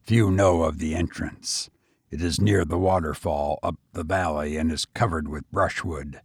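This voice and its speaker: A man voicing a crafty storybook jailer who talks quietly and in a measured way. The voice is very deep and slow, with a husky edge. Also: steady tone, no room sound, clean studio sound, exaggerated voice. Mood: sly. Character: cautious, crafty male castle jailer.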